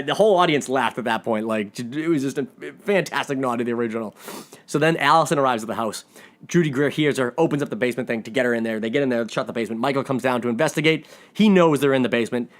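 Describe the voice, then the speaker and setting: Excitable man recapping a movie. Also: medium pitch, fast. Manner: enthusiastic, rambling, many restarts. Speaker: movie reviewer. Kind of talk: casual spoiler recap.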